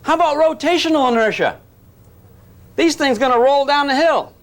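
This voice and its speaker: A man's voice: very high-pitched, expressive, moderate pace. A man teaching physics to a class, joking and coaxing the students while he demonstrates. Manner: jokey, coaxing, calls students gang.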